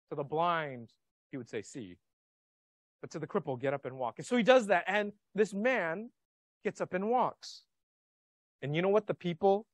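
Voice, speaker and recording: Animated male pastor preaching. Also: high-pitched, no echo. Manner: animated, questioning the congregation. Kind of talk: sermon. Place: church sanctuary.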